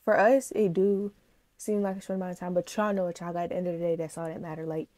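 A woman reaction vlogger in a casual chat to her viewers, speaking, animated, gushing and emotional. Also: lowish voice, fast talker, no room sound. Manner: chatty, animated, addresses viewers as y'all.

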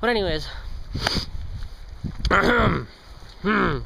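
Background noise accompanies a teen boy's casual vlog, recorded as he walks a street while cars pass. His voice is high and expressive, at a moderate pace. He rambles along, fumbling words, joking and swearing lightly.

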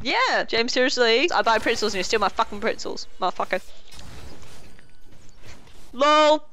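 A woman's voice: fairly high pitch, animated, moderate pace. Sweary, teasing woman gaming. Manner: sweary, teasing, loud outbursts. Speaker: gamer. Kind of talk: casual gaming chat.

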